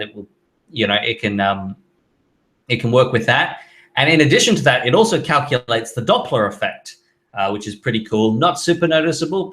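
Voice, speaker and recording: Speaking in a mid-range, fairly bright voice, a man hosts an easygoing live stream. He voices viewers' chat questions and responds casually, sprinkling in fillers.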